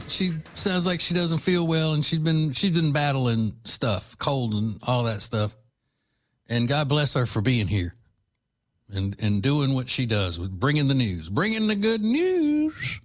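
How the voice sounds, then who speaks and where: Playful male talk radio host. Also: medium pitch. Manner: playful, teasing, chuckling. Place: radio studio.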